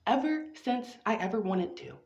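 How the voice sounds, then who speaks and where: A woman's voice: a little high, lively intonation, darkish tone. Profane theatrical woman in echoey room. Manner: profane, theatrical, drawn-out phrasing. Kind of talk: spoken-word monologue. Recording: echoey, dull lo-fi room recording.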